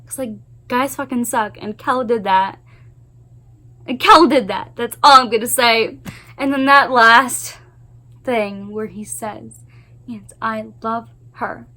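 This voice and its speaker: A woman's voice: on the high side, slow pace, pushed and bright. A woman book vlogger giving a gushing, emphatic spoiler review of a novel series, swearing often and repeating her exclamations.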